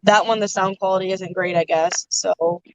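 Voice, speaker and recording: A woman hosting a livestream, chatting casually and loudly over a phone from inside a noisy car. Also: fairly low pitch, steady tone, moderate pace, no room sound. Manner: loud, projecting voice. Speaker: livestream host. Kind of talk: casual chat.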